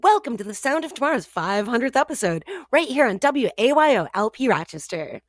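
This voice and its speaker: Female radio co-host, bright high voice, dry close sound, comedic banter. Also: brisk, no echo. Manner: playful, deadpan jokes. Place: radio studio.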